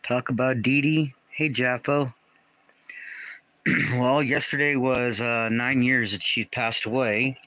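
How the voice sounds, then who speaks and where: A man's voice: medium pitch, fairly even intonation, slow pace, pushed and bright, no room sound, rough recording. A man hosting a casual livestream from home, greeting viewers by name and puzzling over their comments. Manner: reads out and answers viewer comments, often confused. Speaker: livestream host.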